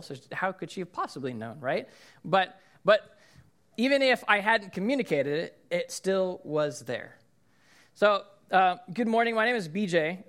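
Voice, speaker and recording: A man in his thirties, the lead pastor, preaching a sermon and telling a funny story in an animated way. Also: on the high side. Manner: animated storyteller, shouts in acted-out quotes.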